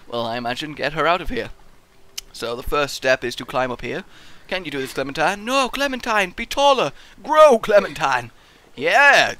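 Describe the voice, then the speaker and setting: Animated young man gaming. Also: medium pitch. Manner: excitable, playful, talks to the game character. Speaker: gaming video host. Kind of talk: let's play commentary.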